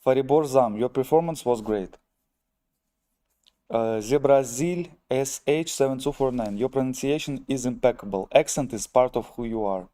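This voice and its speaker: A man with a Russian accent, a native Russian speaker, chatting on his live stream in a wry, self-mocking way and calling his viewers "ladies and gentlemen". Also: medium pitch, moderate pace. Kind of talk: casual live-stream chat, reading viewer comments.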